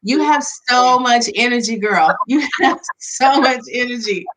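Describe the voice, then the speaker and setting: A woman's voice: a little high, a little slow, fairly bright tone, soft background music, low-quality recording. A woman relationship coach, a guest on a show, speaking in an upbeat, confident way. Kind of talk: casual interview chat.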